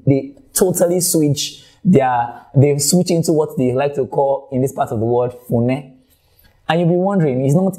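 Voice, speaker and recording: A man's voice: mid-range voice, dark tone. A man with a Nigerian accent teaching exam speaking skills in a conversational way, often repeating words as he thinks. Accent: Nigerian English. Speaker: IELTS tutor. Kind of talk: online teaching video.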